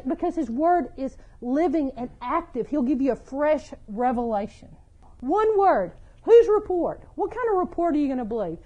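High-voiced woman preaching a sermon. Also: rough recording. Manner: storytelling, rising to loud excited bursts.

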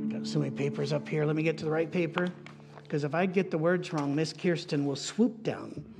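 Wry storytelling male preacher, higher voice. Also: fairly quick, vocal fry, music in the background. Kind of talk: sermon.

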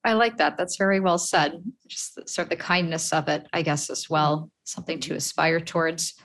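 A woman hosting a podcast interview asks long, rambling questions dotted with fillers. Her voice sits on the low side for a woman. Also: steady tone, moderate pace, fairly bright tone. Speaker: podcast host.

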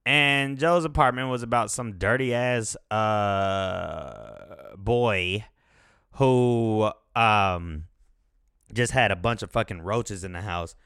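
Laid-back guy rambling on his podcast, low voice, takes his time, dry sound. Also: lively intonation, takes it slowly, vocal fry, a bit bright, clear, resonant tone, dry recording. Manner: rambling, profane, laughing. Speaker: podcast host. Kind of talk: casual chat.

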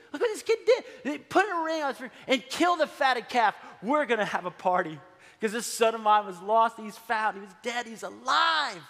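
High-voiced pastor preaching in an echoey hall. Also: male voice. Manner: dramatic, swings between loud exclamations and soft low appeals. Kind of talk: sermon.

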